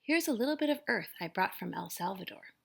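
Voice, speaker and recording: A woman's voice: mid-range voice, expressive, a little fast, creaky. A woman voicing a happy mother in a storybook read-aloud, heartfelt and light. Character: delighted mother, hopeful nursery owner.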